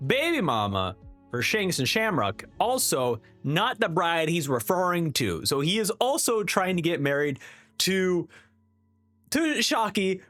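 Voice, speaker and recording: Animated young man reacting to a comic. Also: high voice, a little slow, dry recording, soft background music. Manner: excitable, animated. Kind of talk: reading a comic aloud and reacting.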